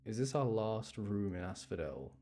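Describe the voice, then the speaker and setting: A man's voice: on the low side, big pitch swings, normal speed, mellow. A young man chatting casually to his live chat while he plays a game, rambling from thought to thought. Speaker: live streamer.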